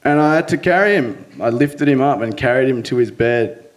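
Brief: young man, storyteller, mid-pitched voice, earnest delivery with nervous laughs breaking through. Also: lively intonation, normal speed. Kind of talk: personal storytelling monologue.

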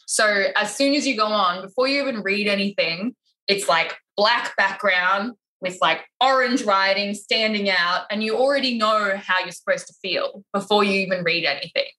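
A woman chatting casually about her photography business, animated and full of filler words. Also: medium pitch, normal speed, rough recording. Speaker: wedding photographer, podcast guest. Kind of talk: casual podcast chat.

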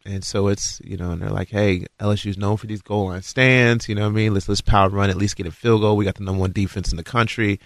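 Man from Kentucky, ex-football player, low voice, dry close sound; spins a yarn with plenty of fillers. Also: quick pace, hardly any pauses, no room sound. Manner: lively storyteller who acts out quotes, frequent fillers. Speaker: former college and pro football player. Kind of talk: casual anecdote telling.

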